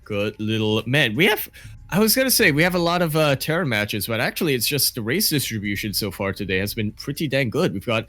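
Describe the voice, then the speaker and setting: A man casting a live video game match, quick, rambling and joking. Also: mid-range voice, very animated, bright, forceful tone. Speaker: esports caster.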